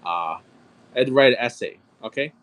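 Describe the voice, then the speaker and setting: A man in his thirties chats casually while selling on a live-stream auction, telling an animated story with lots of swearing and calling out sale numbers. His mid-range voice moves fairly quickly.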